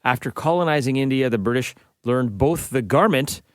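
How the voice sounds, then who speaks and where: Relaxed male radio co-host. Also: medium pitch, moderate pace, no echo, clean studio sound. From Canada. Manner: relaxed, newsy delivery. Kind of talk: casual radio chat. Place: radio studio.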